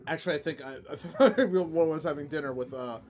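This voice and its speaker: A man's voice: a little high, quick pace, a little mellow, faint music behind. Rambly man streaming while gaming. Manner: rambling, heavy "like" fillers and restarts. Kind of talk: casual chat while gaming.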